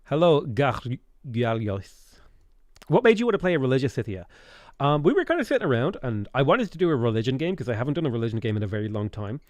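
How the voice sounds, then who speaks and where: A man's voice: medium pitch, very animated, rapid-fire, no room sound. A man with an Irish accent, casually chatting on a live game stream, rambling as he reads out and answers viewers' questions.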